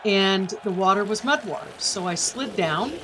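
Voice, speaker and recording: A woman's voice: medium pitch, animated, moderate pace, noisy background. A middle-aged woman from Canada, a podcast guest vividly and emotionally retelling a personal story.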